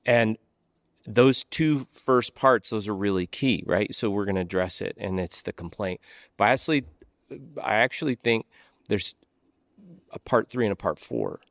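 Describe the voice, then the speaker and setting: A man's voice: lowish voice, moderate pace, no echo, clean studio sound. A man speaking as a guest pastor, explaining ideas earnestly in a conversational way and often restarting mid-thought.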